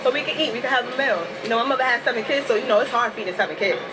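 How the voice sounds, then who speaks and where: A woman's voice: fairly high pitch, racing. A woman from the Bronx with a New York accent, giving a casual walking tour of her neighborhood in laid-back street slang and reflecting on growing up there. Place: outdoors on city streets. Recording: echoey, distant, with loud street noise.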